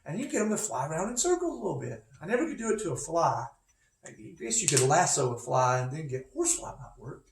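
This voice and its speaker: A man's voice: on the high side, big pitch swings, quick pace, vocal fry. A man teaching physics from home, talking casually and rambling into asides. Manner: rambling, chatty, with many asides. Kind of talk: casual recorded lecture. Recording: echoey room, faint noise.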